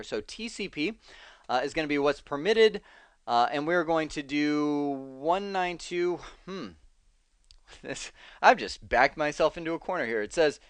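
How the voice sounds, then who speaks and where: A man's voice: on the high side, expressive, moderate pace, no echo. A man teaching a networking lesson in a casual, chatty way, thinking aloud, correcting himself and adding wry asides. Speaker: networking instructor. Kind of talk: casual screen-recorded tech lesson.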